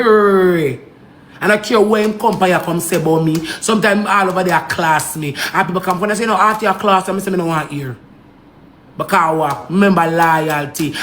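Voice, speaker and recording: A woman's voice: fairly low pitch, a little hiss or hum. A woman with a Jamaican accent on a heated livestream rant, pleading and scolding in patois and repeating herself. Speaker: social media live streamer.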